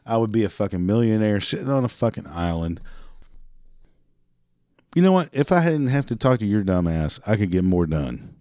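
Drinking beer while he talks, a parts department worker delivers a profane rant about customer service calls and imitates the people who call. He speaks on the low side at a normal speed, very animated and dark in tone. The sound is dry and clean, as from a studio.

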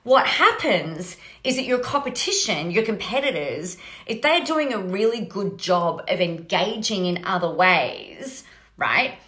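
A woman's voice: mid-range voice, big pitch swings, unhurried, sharp tone. A woman podcast host giving a casual motivational monologue, chatty, often adding "right?", restarting phrases and swearing casually. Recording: roomy echo.

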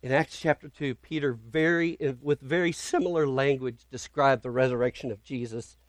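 A man's voice: mid-range voice, normal speed, no echo. A man preaching a sermon as pastor, retelling scripture in an earnest storytelling way with dramatic emphasis.

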